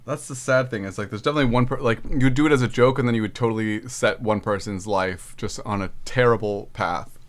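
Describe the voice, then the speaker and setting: A man's voice: on the low side, a little fast. A man co-hosting a casual comedy chat, answering with dry, teasing banter. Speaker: podcast co-host.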